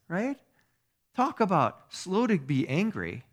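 A man giving a sermon as a pastor, teaching in a conversational way, checking in with his listeners through tag questions and moving between soft asides and emphatic stresses. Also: fairly high pitch, big pitch swings, unhurried.

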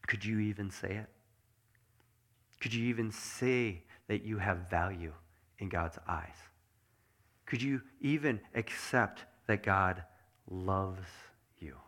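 A man preaching a sermon, earnest and intimate, sometimes dropping to a hush. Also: lowish voice, slow pace, pauses often. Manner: acts out dialogue, then drops to a hushed, earnest delivery. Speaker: pastor.

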